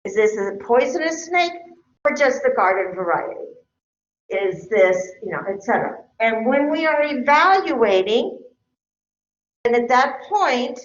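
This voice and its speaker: A woman's voice: a little high, animated, a little slow, a little hiss or hum. A middle-aged woman lecturing a class in a conversational way, often checking in with her listeners. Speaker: teacher. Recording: echoey room, dull lo-fi sound.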